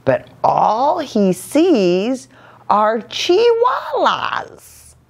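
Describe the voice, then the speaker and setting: A woman's voice: a little high, huge pitch swings, extremely slow, creaky, pitched above the performer's own voice, exaggerated voice. A woman doing teasing little kitten sisters.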